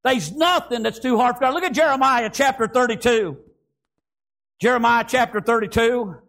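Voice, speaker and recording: A man preaching a fervent sermon, his voice pitched very high. A gravelly rasp runs through his words. He keeps throwing out "praise God" and calls for an amen. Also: normal speed, a bit bright. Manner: fervent, repeats praise phrases and call-and-response "Amen?".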